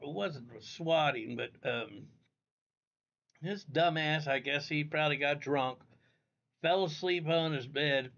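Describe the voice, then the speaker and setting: Talking straight to viewers from indoors at home, this livestream host rambles and curses without restraint. He has a fairly high, gravelly voice with a sharp tone, captured in dull lo-fi audio.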